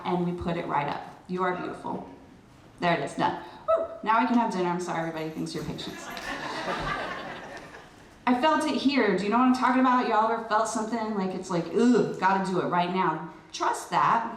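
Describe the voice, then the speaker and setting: A middle-aged woman addresses a crowd, telling a personal story in a lively, chatty way full of fillers and asides. Her voice sits at an ordinary pitch. It carries through roomy public speakers, picked up from some distance with faint noise underneath. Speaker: event speaker.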